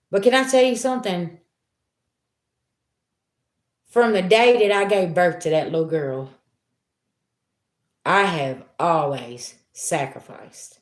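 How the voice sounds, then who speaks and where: A woman's voice: mid-range voice, roomy sound. A middle-aged woman talking candidly and from the heart to her livestream viewers as a tarot reader, streetwise and swearing freely. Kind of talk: casual live-stream talk to viewers.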